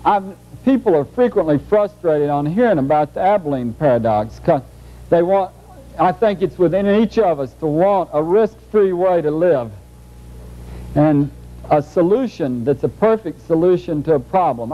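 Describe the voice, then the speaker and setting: A man giving a lecture in a folksy, humorous storytelling manner, heard on a muffled old videotape. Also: on the high side. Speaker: speaker.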